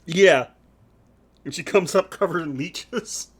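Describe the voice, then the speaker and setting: Laid-back halting male podcast host. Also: fairly high pitch, breathy edge. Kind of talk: casual chat.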